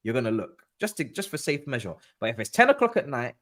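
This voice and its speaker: A man telling a story as a guest in a casual chat, slangy and animated. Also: quick pace. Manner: animated, slangy storyteller with lively pitch swings. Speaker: podcast guest.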